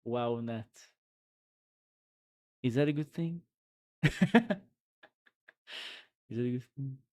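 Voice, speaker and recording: A man's voice: mid-range voice, slow pace, mellow. A man with a French accent, a native French speaker, chatting casually on a live stream, laughing often and repeating words as he searches for phrasing. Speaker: livestreamer. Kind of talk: casual chat reacting to a video on a live stream.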